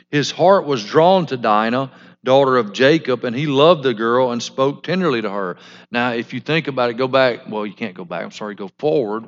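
A man teaching a Bible study, reading passages and then explaining them in an unhurried, conversational way with frequent restarts. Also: mid-range voice. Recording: echoey room, dull lo-fi sound.

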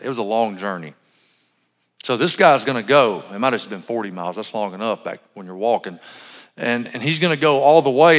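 Male pastor, chatty sermon with asides, long hall reverb, dull lo-fi sound. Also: medium pitch. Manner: conversational, self-correcting preaching with asides.

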